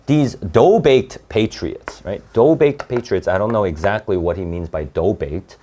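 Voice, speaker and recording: A man's voice: fairly low pitch, animated, measured pace, mellow. A man teaching an online reading lesson for test prep, thinking aloud and checking in with "right?" often.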